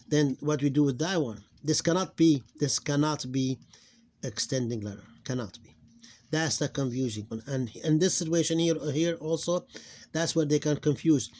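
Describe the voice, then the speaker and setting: Halting man teaching a language lesson. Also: on the high side, dark tone. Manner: halting, repeats words while explaining. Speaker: Arabic teacher.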